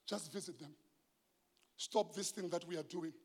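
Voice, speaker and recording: A South African man preaching a sermon as pastor, passionate and swinging between hushed and shouted delivery, slipping in Zulu phrases. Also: on the high side, moderate pace, breathy edge. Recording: long hall reverb.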